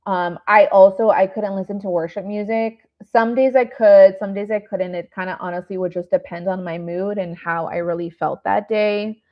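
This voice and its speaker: A woman's voice: mid-range voice, steady tone, moderate pace, few pauses. A woman hosting a grief masterclass as a nurse, talking in a raw, rambling, heartfelt way with lots of fillers. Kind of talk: candid live online talk. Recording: dull lo-fi stream audio.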